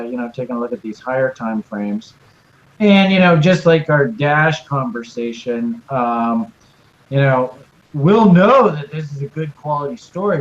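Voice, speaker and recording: Chatty man on a muffled call. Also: mid-range voice. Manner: chatty, hedging, jumps between points. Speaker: co-host crypto trading commentator. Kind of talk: casual chart analysis talk.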